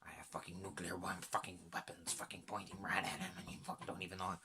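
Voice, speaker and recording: A man playing a scheming male dictator, muttering hushed threats in a menacing tone. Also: low-pitched, little pitch movement, fast, noisy background, close to an everyday voice.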